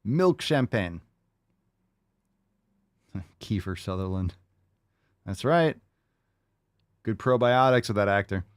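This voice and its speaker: A man's voice: lowish voice, unhurried, pauses often, clear, resonant tone, no echo, clean studio sound. A man hosting a podcast, answering listener questions in a loose, rambling chat with jokey asides. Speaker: podcast host.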